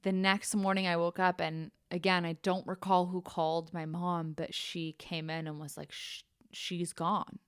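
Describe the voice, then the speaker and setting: A woman's voice: fairly low pitch, little pitch movement, normal speed, few pauses, smooth, no room sound, studio quality. A young adult woman hosting a podcast, telling a personal story frankly and bluntly, swearing casually and saying "like" often. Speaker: podcast host.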